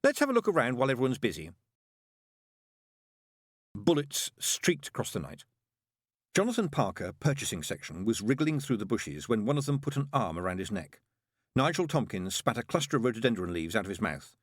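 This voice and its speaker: A man narrating a comic novel in a brisk, expressive way. His pitch roams widely, and the recording is close and dry. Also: dry recording. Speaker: audiobook narrator. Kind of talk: scripted narration.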